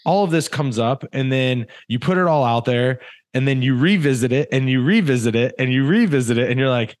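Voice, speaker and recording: Relaxed, laid-back male podcast guest. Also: medium pitch, fairly quick, dry recording. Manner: relaxed, laughs easily, uses "dude" and "brother". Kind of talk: casual interview chat.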